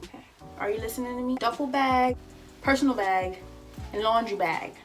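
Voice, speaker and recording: A woman's voice: a little high, moderate pace. Chatty young woman vlogger. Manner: animated, chatty, advice-giving. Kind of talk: casual storytime vlog. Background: faint background music.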